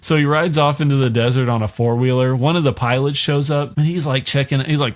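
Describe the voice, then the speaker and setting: A man's voice: mid-range voice, steady tone, fairly quick, few pauses, a little hiss or hum. A man hosting a podcast, recapping a miniseries in a rambling, profane, jokey way. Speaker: podcast host. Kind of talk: casual crude movie recap.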